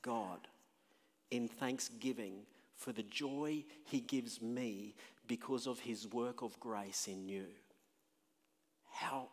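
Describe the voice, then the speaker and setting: Man, pastor, sermon, emphatic, loud peaks and soft questions, mid pitch, long church reverb. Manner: emphatic, rising and falling between loud exclamations and quiet questions. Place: church sanctuary.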